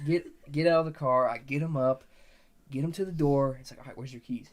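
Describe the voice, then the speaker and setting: A man's voice: medium pitch, brisk. A young man hosting a casual podcast, telling a story with lots of laughter and acted-out quotes. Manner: animated, acts out quotes, laughs often. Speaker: podcast host.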